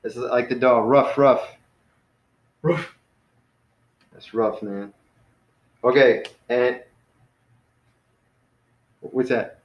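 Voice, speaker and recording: Relaxed man teaching online in an echoey room. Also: medium pitch, extremely slow, long pauses, dull audio. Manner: relaxed, friendly, says "man" and "you know" often. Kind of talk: casual online class.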